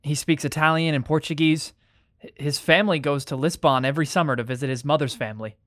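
A young actor playing an earnest, shy teenage boy in a radio drama, eager but quickly defensive. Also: on the high side, fairly even intonation, fairly bright tone, close to an everyday voice.

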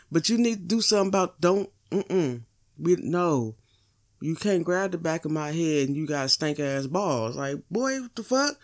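Blunt, profane woman podcast host. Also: fairly low pitch. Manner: profane, blunt and teasing, full of rhetorical asides. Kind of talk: comedic monologue to the listener.

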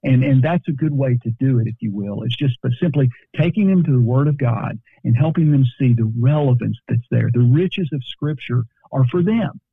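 Male podcast guest, counselor, earnest, stumbles on repeated words, gravelly husky voice over a dry phone-like line. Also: mid-range voice, expressive, normal speed, hardly any pauses, no room sound. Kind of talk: podcast conversation.

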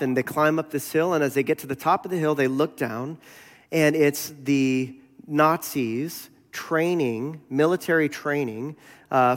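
Man preaching in an echoing church. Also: mid-range voice. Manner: conversational storytelling preaching. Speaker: pastor. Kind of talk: sermon. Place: church sanctuary. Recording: long hall reverb.

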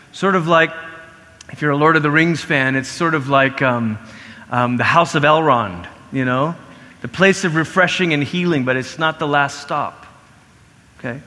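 A man preaching a sermon, talking in an animated way and acting out quoted voices with big swings. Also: fairly high pitch. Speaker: pastor. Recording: long reverb of a large hall.

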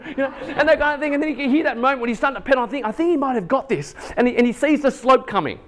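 A man's voice: racing, hardly any pauses. A man in his thirties giving a chapel sermon, telling a family story and acting out the voices in it. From Asian heritage. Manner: animated, acts out quotes in higher pitch. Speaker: chapel speaker.

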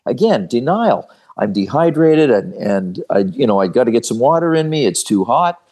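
An older man, a former hockey referee, telling personal stories as an interview guest in an animated, folksy way. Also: mid-range voice, moderate pace, breathy edge. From Canada. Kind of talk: storytelling in an interview.

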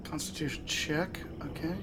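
A man's voice: on the high side, fairly even intonation, normal speed, over music. A man playing a tabletop game, describing his character in a loose, rambling way with many fillers. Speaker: player. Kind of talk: casual play.

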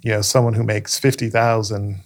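A man's voice: lowish voice, little pitch movement, normal speed. A man, a county manager being interviewed, answering in an earnest conversational way, telling stories and often checking in with "right?". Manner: earnest, storytelling, frequent "right?" check-ins.

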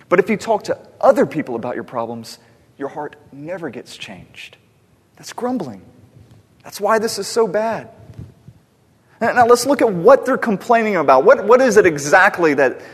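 A man preaching a sermon as pastor, conversational and animated, asking rhetorical questions of the congregation. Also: a little high, slightly rough, long reverb tail.

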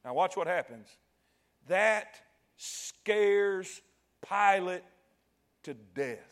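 A man preaching a sermon, retelling a scripture passage and acting out its voices, swelling at times to shouts. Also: sits high, animated, extremely slow. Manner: dramatic, acts out quoted voices and swells to shouts.

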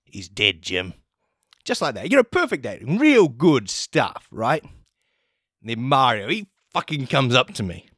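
A man spins a rambling comic story and swears freely as he goes. His voice is bright and crisp, and his pitch leaps around as he tells it. He is recorded close, with a dry sound. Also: measured pace, no room sound. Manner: profane, rambling, animated. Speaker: comedy podcast host.

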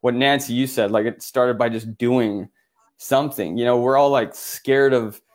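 Man, from Utah, interview guest, earnest, restarts often, average pitch. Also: fairly even intonation, moderate pace. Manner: earnest, many restarts and "you know"s. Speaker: photographer guest. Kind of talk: casual interview storytelling.

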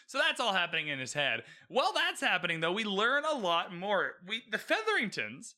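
A man giving casual, animated commentary on a book and its show adaptation, swearing freely and asking "you know what I mean". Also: high-pitched, normal speed, hardly any pauses.

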